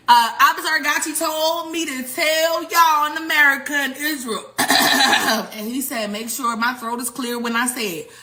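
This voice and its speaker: High, bright woman commenting profanely. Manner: profane, mocking, animated. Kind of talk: casual political commentary.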